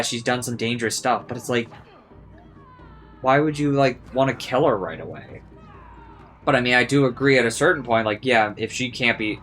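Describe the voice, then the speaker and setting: A young man giving casual, rambling commentary over gameplay, saying "like" a lot and swearing freely. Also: mid-range voice. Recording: steady background noise.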